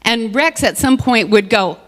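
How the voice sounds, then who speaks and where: A woman giving a sermon at a church service, telling personal stories with animated, laughing, self-mocking humor. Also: on the high side, measured pace. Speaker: guest speaker at a church service. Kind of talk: storytelling sermon. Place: large hall. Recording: long reverb of a large hall.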